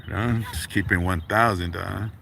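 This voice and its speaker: A man's voice: deep voice, steady tone, moderate pace, gravelly, bright, forceful tone. A middle-aged man, talking casually on a livestream in street slang and filling his lines with man and dog. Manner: laid-back street slang, constant fillers like man and dog. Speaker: livestream host. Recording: faint background noise.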